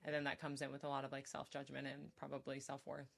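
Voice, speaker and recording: A young adult woman talking as a podcast guest in casual conversation. She is animated and acts out sample lines of dialogue as she talks. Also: a bass voice, quick pace, gravelly.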